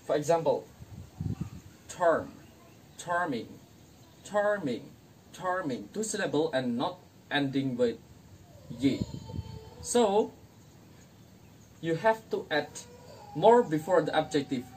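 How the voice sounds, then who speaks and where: Student teacher from Indonesia, young adult, very slow, repeats each example word, non-native grammar; recorded from a distance with faint background noise. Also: mid-range voice, sing-song, a little mellow. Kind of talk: classroom grammar lesson.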